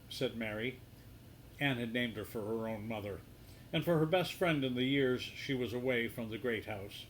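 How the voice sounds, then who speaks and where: A man reading a story aloud in a measured, hushed storybook style, softening his voice for the quoted lines. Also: medium pitch, slight background noise, low-quality recording.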